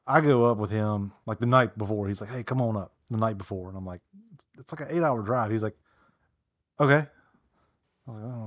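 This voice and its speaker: A Southern American man in a relaxed podcast chat. He tells his stories with plenty of cursing and belts out the lines he quotes. His voice sits at an ordinary middle pitch, recorded dry and close. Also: no echo. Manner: profane, animated storytelling with loud acted quotes. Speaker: podcast co-host. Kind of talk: casual storytelling chat.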